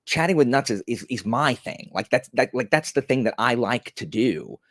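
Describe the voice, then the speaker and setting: A man's voice: medium pitch, lively intonation, moderate pace, a bit bright, no room sound, studio quality. A young man chatting casually on a live stream, rambling and self-deprecating with many fillers.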